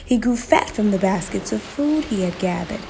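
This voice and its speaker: A woman narrating a folktale in a slow, emphatic storytelling manner, in a noisy recording. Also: medium pitch, expressive, creaky.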